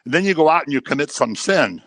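Animated man teaching a Bible study. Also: quick pace, no room sound. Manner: conversational, repeats phrases for emphasis; acts out quoted voices in a low mocking tone.

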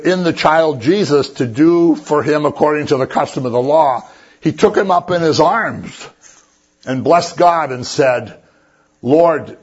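A man's voice: fairly high pitch, breathy edge. A man preaching a sermon as a pastor, conversational and joking as he retells the story. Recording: dull lo-fi recording.

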